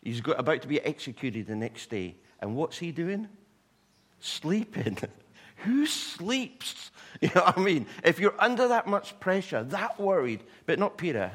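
Husky man preaching with lively storytelling. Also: a little high, normal speed. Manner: animated, humorous asides to the congregation. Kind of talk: sermon storytelling.

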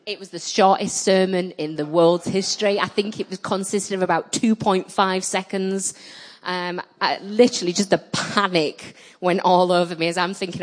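A woman in her thirties preaching a sermon, telling personal stories with animated, emphatic delivery. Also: normal speed. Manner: animated storytelling, rising loud and emphatic at high points.

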